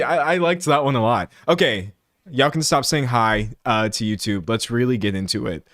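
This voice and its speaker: Streaming live from an indoor room, a young male host gives loose, rambling commentary, animated and laughing often, with plenty of asides. His voice is medium-pitched at a moderate pace, with clean studio sound and no echo, though a siren occasionally passes outside.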